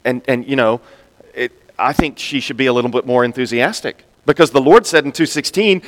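A man preaching a sermon, animated, acting out quoted speakers with sudden jumps in pitch and loudness. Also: fairly quick. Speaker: pastor. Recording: long reverb in a large hall.

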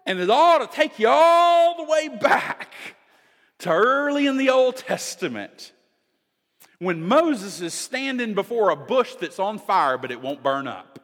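A man's voice: high voice, sing-song, a little slow, a bit bright. A man preaching a sermon with emphasis, often turning to the congregation with direct questions. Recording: long reverb of a large hall.

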